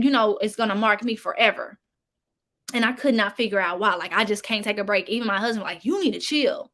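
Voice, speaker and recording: A young woman talks straight to her viewers in a casual, chatty way. Her voice sits in a middle pitch, and she speaks frankly as she comments. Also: sharp tone. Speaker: commentary YouTuber.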